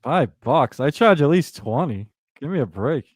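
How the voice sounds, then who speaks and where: A man co-hosts a casual podcast, swearing offhandedly and answering jabs with deadpan, self-mocking jokes. His voice sits a little higher than usual and sounds dry and close to the mic. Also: moderate pace, no echo. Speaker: podcast co-host.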